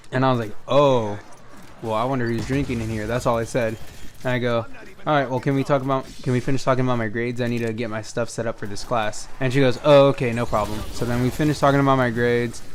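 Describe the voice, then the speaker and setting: Some slight background noise sits under a young man's mid-range voice. He runs a storytime gaming channel and casually narrates a tale over gameplay, animatedly voicing the dialogue and swearing freely.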